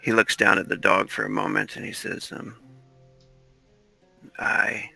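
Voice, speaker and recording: A man describing his character in a tabletop game, quiet and hesitant. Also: lowish voice, level tone, brisk, gravelly, faint music behind, poor audio. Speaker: player.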